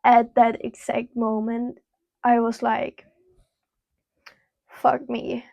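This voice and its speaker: A woman's voice: on the high side, level tone, extremely slow, gravelly, dry recording, muffled recording. A teenage girl telling a personal story to camera in a candid, rambling way, full of "like" and casual swearing. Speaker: vlogger. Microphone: small clip-on mic.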